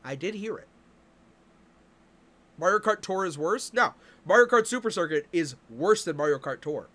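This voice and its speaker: A male streamer in a profane, exasperated rant, his voice sitting high and swinging wildly up and down. The tone is bright and sharp. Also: lively intonation, normal speed. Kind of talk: casual stream rant about games.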